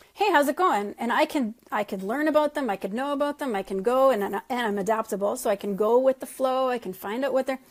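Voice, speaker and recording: A middle-aged woman leading her sales team on a casual call, chatty and self-deprecating, laughing often. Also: high voice. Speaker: network marketing team leader.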